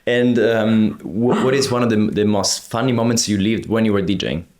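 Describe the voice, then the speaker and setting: An interviewer asks easygoing questions at a middle pitch. The manner is encouraging and quick to laugh. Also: fairly even intonation, darkish tone. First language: Italian.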